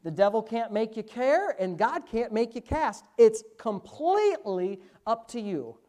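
A man preaching a sermon as pastor, emphatic, slipping from quick asides into loud, drawn-out stresses. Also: high voice, very animated.

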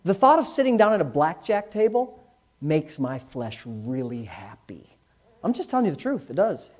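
A man's voice: fairly high pitch, sing-song, normal speed. Candid, conversational male preacher. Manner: candid, conversational preaching with swings from loud to hushed. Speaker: pastor. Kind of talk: sermon. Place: church in front of a congregation.

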